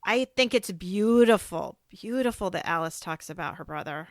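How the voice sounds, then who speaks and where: A woman's voice: on the low side, lively intonation, normal speed, dry recording, clean studio sound. A woman hosting a podcast interview, talking earnestly and getting emphatic when something upsets her. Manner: earnest, grows heated and emphatic when indignant. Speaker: podcast host. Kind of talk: casual conversational interview.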